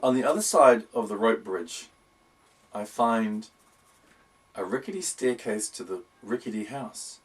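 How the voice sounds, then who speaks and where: A man's voice: lowish voice, lively intonation, a little slow. A man narrating a whimsical storybook in a wry, playful tone. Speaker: audiobook reader. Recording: voice distant from the mic.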